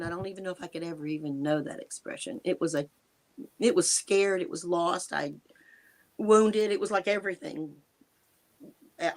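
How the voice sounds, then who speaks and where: Speaking in a lowish voice, a woman in her 60s from the United States shares the emotional story of an encounter she had, as a guest in an interview. Earnest and halting, she restarts lines and speeds up or slows down, and her dry mouth sticks on words.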